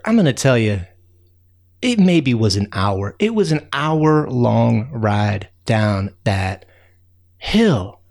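Man voicing a gravelly, excitable raccoon storyteller. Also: sits high. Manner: rambling, excitable, full of fillers and sound effects. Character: chatty male raccoon telling a tall tale.

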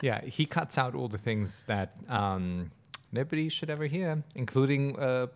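A man's voice: medium pitch, unhurried. A man co-hosting a podcast in casual chat, teasing and laughing often. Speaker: podcast co-host.

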